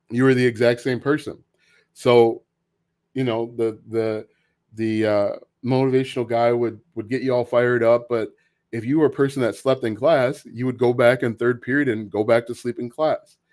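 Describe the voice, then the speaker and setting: A man hosting a casual live Q&A stream, talking in an opinionated, halting way with many restarts. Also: mid-range voice, darkish tone. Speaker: livestream host answering viewer questions.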